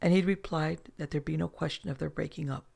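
A narrator reading a literary story in a measured, restrained way. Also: mid-range voice, steady tone, vocal fry, a little mellow.

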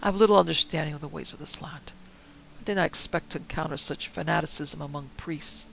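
A man's voice: a little high, fast, creaky, a bit bright, rough recording. A man voicing a stern, dispassionate older male professor who hunts vampires, in a story reading. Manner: cold, dispassionate. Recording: faint hiss.

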